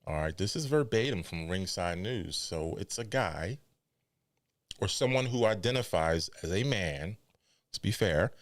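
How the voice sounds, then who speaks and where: A man with a somewhat low voice talks through wrestling news on his podcast. He is close to a dry mic with no room sound. His delivery is casual and animated, often incredulous. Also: a little slow, no echo. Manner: animated, incredulous, mock quoting.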